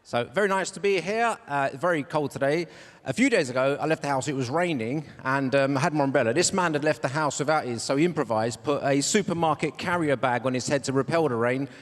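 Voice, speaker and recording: A male comedian giving an animated stand-up audition on a large theatre stage, slipping in and out of silly voices. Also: mid-range voice, brisk, in a large hall. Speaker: comedian and voice-over artist auditioning. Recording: theatre stage with a live audience laughing.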